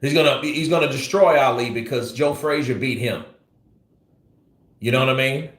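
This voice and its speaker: Male boxing pundit on a live stream, mid-pitched, blunt and salty, echoey room. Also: normal speed, a bit bright. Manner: blunt, profane, rants while teasing. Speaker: boxing commentary host. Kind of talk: livestream commentary.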